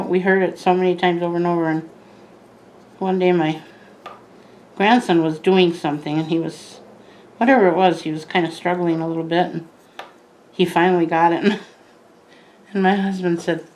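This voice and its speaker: A woman's voice: on the low side, a little mellow, rough recording. An older woman chatting casually to the camera as a plant vlogger, rambling with lots of asides and self-corrections.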